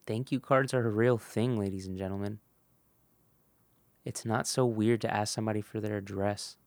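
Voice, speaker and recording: A man hosting a motivational podcast, talking earnestly and directly to the listener, swinging between loud emphasis and hushed moments and acting out bits of dialogue. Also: fairly low pitch, fairly even intonation, no room sound. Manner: acts out quick snippets of dialogue. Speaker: podcast host. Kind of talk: motivational monologue.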